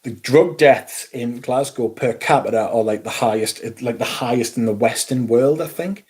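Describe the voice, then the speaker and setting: A man's voice: mid-range voice, moderate pace, darkish tone. Middle-aged man, livestream host, sweary and rambling. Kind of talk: casual livestream chat.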